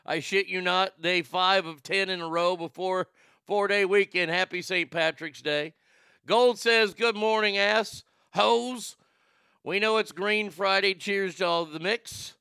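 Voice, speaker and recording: A man hosting a live stream, reading out chat messages in a casual, animated way, with sudden loud bursts. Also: high-pitched, a little slow, creaky, clean tone, no room sound, studio quality. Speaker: livestream host reading chat.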